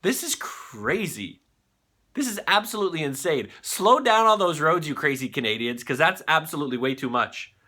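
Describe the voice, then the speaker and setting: A man hosting a live online show, reacting excitedly to viral videos with frequent fillers and swearing. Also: a little high, normal speed.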